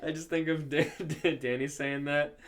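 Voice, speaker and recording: A man's voice: on the high side, fairly even intonation, moderate pace. A man co-hosting a podcast, reading fanfiction aloud and joking, laughing often and stumbling on the text. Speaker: podcast co-host reading stories. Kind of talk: casual chat and read-aloud.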